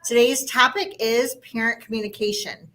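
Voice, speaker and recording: A woman in her forties, a technology coach, hosting and introducing a panel discussion in a friendly, clear way. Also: a little high, steady tone, normal speed, a bit bright, low-quality recording.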